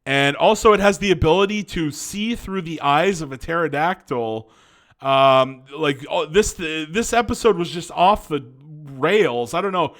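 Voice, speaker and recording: Chatty young man with a higher voice. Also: animated, measured pace, fairly bright tone. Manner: chatty, profane, laughs often, stumbles over words. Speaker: YouTube show reviewer. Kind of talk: casual rambling commentary.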